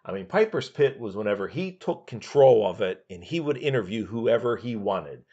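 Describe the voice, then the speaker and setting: A man with a lowish voice hosts a casual podcast monologue. He rambles with plenty of fillers, and the recording sounds dull and lo-fi. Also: expressive, normal speed, warm tone. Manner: rambling, many "uh" and "you know" fillers. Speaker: podcast host.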